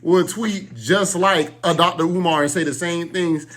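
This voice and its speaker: A man's voice: fairly high pitch, fairly even intonation, a little slow, a bit bright. Laid-back slangy man on a podcast. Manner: laid-back, slangy, filler-heavy storytelling. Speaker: podcast co-host. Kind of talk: casual podcast chat.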